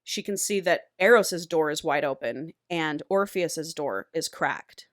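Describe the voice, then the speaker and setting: A woman with a lowish voice retells a novel in an animated, casual podcast style. She swears freely as she goes. The sound is dry and close, with no room echo. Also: a little slow. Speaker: podcast co-host. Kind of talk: casual book recap.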